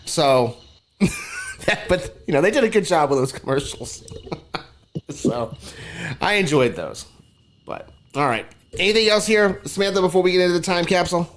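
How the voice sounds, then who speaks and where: A man hosting a relaxed sports podcast, chatting casually and breaking into laughter often. His voice sits a bit higher than most men's. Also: moderate pace, pauses often. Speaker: podcast host.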